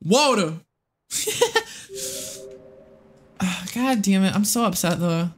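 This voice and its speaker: Playing live, a young adult streamer chats with viewers in a husky, mid-pitched voice. They're jumpy and swear readily, rambling through restarts and constant self-talk.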